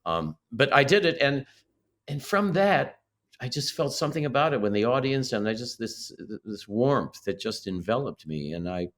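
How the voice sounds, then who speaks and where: A man's voice: medium pitch, fairly bright tone. An older man from Illinois, a guest actor, telling stories in a casual interview with many restarts and self-corrections.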